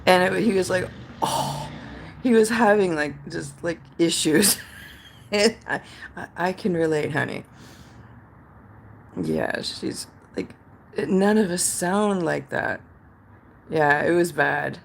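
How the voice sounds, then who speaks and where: A Canadian woman livestreams and chats with her viewers, rambling and using lots of filler as she reads chat comments aloud and answers them. Her voice is fairly low and creaky, and she speaks slowly with long pauses. There is slight background noise.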